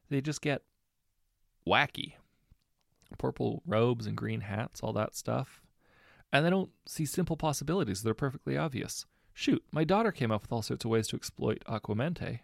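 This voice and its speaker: A man's voice: medium pitch, creaky, dry recording, clean studio sound, voice pushed up. A man voicing a weary, cautious scientist. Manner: careful, weary. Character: worried middle-aged male scientist, cautious.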